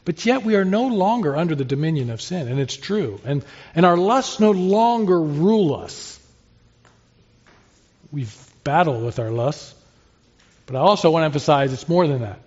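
Expressive and fairly high-pitched with a darkish tone, this man preaches at a moderate pace. He's giving an expository sermon in an earnest, conversational style, asking rhetorical questions and answering them, on slightly dull lo-fi audio.

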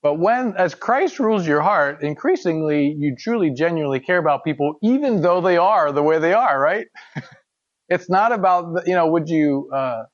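A man's voice: fairly high pitch, expressive, moderate pace, muffled recording. A man leading a casual Bible study discussion, talking in a thoughtful, conversational way with frequent fillers and restarts.

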